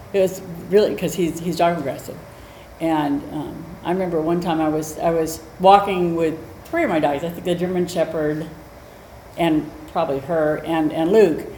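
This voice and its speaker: Animated woman dog trainer teaching. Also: lowish voice. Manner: animated, chatty, acts out quotes. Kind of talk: teaching a class. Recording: roomy echo, faint noise.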